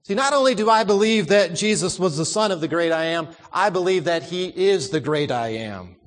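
A man's voice: high voice, animated, normal speed, long reverb tail. A man preaching a sermon, emphatic, repeating words and asking the congregation questions.

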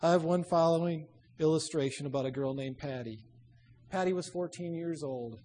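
A man preaching a sermon in an emphatic, exhorting way, often dropping low and soft to drive a point home. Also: normal speed.

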